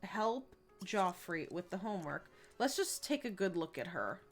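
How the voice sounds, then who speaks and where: A young woman streams a life-sim game with faint music in the background, casually chatting, reading viewer messages aloud, and using many fillers and giggles. Her lowish voice has a sing-song quality at a normal speed.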